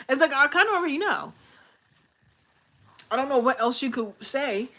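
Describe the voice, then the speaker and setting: A woman's voice: high-pitched, big pitch swings, slow, pushed and bright. A young woman livestreaming, telling a personal story in a candid, slangy, venting way to her chat. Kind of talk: casual live-stream storytelling.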